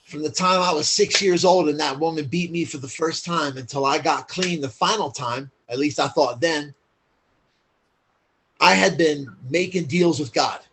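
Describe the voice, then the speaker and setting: A man's voice: a little high, moderate pace, fairly bright tone, a little hiss or hum. A man as a podcast guest, telling his story in a candid, blunt, profane way, full of "like" fillers.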